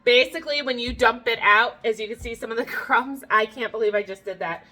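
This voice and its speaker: A woman's voice: fairly high pitch, brisk, pushed and bright. A woman in her thirties chatting casually to the camera as she cooks in her home kitchen, laughing at her own mistakes. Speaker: homestead cooking vlogger. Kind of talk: casual cook-along chat to camera.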